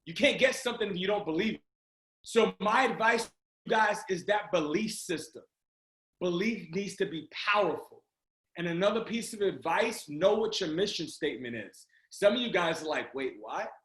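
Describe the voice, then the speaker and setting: A man giving an energetic motivational pep talk to a sales team over a video call, often shouting and urging listeners on. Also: high voice, normal speed. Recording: roomy video call audio.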